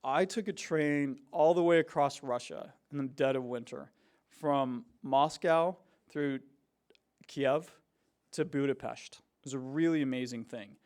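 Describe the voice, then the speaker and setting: A man telling stories to university students in a casual, animated way, with many fillers and restarts. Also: medium pitch, unhurried, clean tone. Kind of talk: casual storytelling talk. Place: university hall before a student audience.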